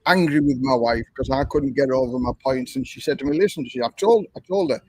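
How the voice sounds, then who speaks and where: Husky older Englishman telling a story. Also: medium pitch, fairly quick, dry recording, rough recording. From England. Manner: chatty, repetitive, conversational storyteller. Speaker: livestream host. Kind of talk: casual livestream storytelling.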